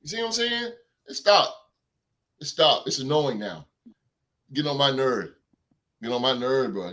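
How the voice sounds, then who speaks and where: A man hosting a sports podcast, ranting in an animated, heckling way and mocking rival fans. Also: medium pitch, unhurried, pauses often. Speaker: podcast host. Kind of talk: sports talk rant.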